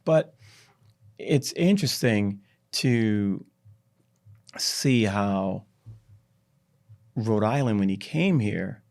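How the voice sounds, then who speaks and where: A man guest on a podcast, telling a history story in an animated, drawn-out way. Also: mid-range voice, creaky. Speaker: startup CEO, podcast guest. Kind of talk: conversational storytelling.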